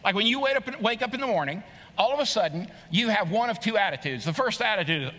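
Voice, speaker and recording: A middle-aged male pastor preaches with earnest emphasis and a high, ringing tone. His bright, forceful voice carries a long hall reverb from a large sanctuary. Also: lively intonation, quick pace. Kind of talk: sermon.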